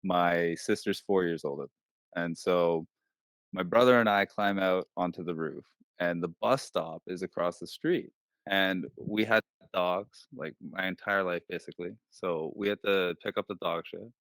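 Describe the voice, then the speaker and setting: A man's voice: low-pitched, unhurried, fairly bright tone, no echo. A man in his thirties, an interview guest, telling personal stories in a loose, profane way full of filler words. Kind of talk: casual storytelling. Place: online virtual-world voice chat.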